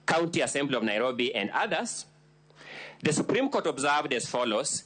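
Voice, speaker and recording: A man, a lawyer making a formal, measured, emphatic legal submission to senators. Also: medium pitch, big pitch swings, a bit bright, slightly rough. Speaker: defense lawyer addressing the Senate.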